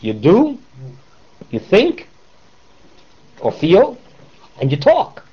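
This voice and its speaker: A man lectures a Torah class with lively, swooping emphasis, asking his students rhetorical questions and mixing in Hebrew terms. The recording sounds dull and lo-fi. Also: high-pitched, extremely slow, slightly rough. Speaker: rabbi teaching a class.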